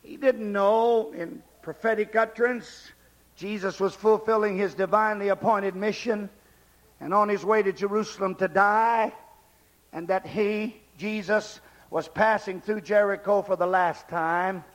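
Man, preacher, very high voice, fiery revival sermon, shouting with sudden low quiet stretches, church service. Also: steady tone, unhurried, big-room sound. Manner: shouting, dramatic swings from loud cries to low quiet passages.

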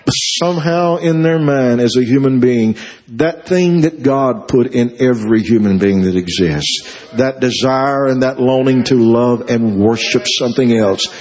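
A man's voice: mid-range voice, unhurried, darkish tone. A male pastor preaching a sermon, building to emotional climaxes and stretching out his phrases.

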